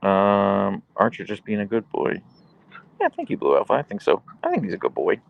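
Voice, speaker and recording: A man's voice: on the low side, huge pitch swings, moderate pace, gravelly, lo-fi sound. A man hosting a casual live stream, chatting easily as he answers viewers' questions. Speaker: livestream host reading chat.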